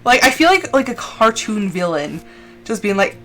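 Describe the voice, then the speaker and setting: A woman streamer chatting casually and expressively while playing a game, full of fillers and quick laughs. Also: fairly high pitch, sing-song, a bit bright, faint music behind. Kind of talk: casual chat while gaming on a live stream.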